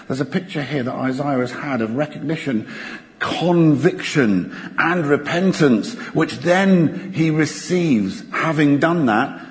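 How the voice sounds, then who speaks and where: A man preaching a sermon in a church, expressive and animated, slowing down dramatically for emphasis. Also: a little high. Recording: church hall reverb.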